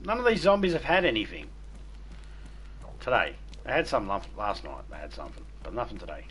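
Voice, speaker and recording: A man's voice: lowish voice, very animated, fairly quick, fairly bright tone, a little hiss or hum. An Australian man chatting casually while streaming a game, crude and swearing heavily as he tells stories. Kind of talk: casual chat while gaming.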